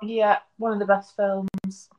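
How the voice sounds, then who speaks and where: A woman's voice: medium pitch, flat delivery, slow pace, lo-fi sound. A woman co-hosting a casual podcast chat, teasing and laughing easily. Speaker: podcast co-host.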